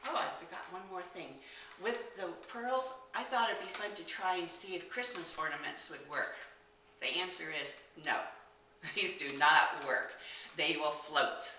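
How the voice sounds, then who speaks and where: A woman's voice: on the low side, moderate pace, sharp tone, distant mic, a little hiss or hum. Chatty woman demonstrating crafts in an echoey room. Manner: chatty, enthusiastic, exclaims while working. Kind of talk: casual product demonstration. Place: indoor room. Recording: echoey room, somewhat off-mic.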